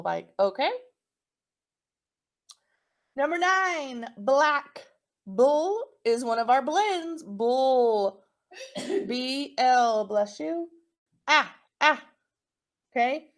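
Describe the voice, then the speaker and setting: For a recorded phonics lesson, a woman teacher slowly sounds out words and encourages her young pupils. Her voice sits high.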